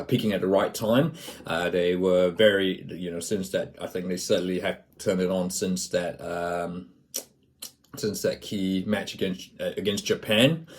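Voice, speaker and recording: Low-voiced man, halting rugby talk. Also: darkish tone. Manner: halting, filler-heavy, thinking aloud. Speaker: rugby commentator. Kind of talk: casual rugby preview commentary.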